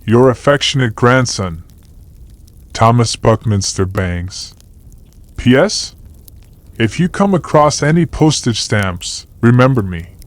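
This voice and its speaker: A man's voice: medium pitch, expressive, takes it slowly, long pauses, no echo. Man doing a cheeky schoolboy, boyish raised voice, chatty, mischievous, dry close audiobook sound. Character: cheeky young schoolboy reading his letter. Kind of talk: audiobook character voice.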